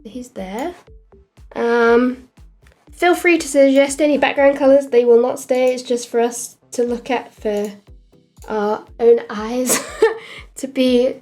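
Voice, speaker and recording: An English woman whose accent blends Essex and the Midlands, talking in a slow, easygoing way during a casual livestream. Her voice sits a touch high, and she fills her pauses with ums as she works. Soft music plays faintly underneath. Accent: English, a mix of Essex and Midlands. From England. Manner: relaxed and hesitant, with frequent ums and trailing phrases. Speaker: animator streaming her work. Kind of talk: casual livestream chat while working.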